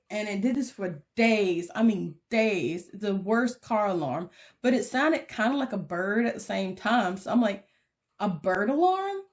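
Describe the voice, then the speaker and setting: A young woman with a Southern drawl spins a casual story while she crafts, her voice sitting at an ordinary middle pitch. She talks in an animated, chatty way and breaks into squeaky beeping imitations now and then. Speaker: craft vlogger.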